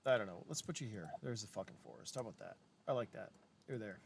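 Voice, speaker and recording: A man's voice: medium pitch, lively intonation, a little fast, a little mellow. Casual man running a tabletop game. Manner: casual, swearing, chatty with players. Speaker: game master.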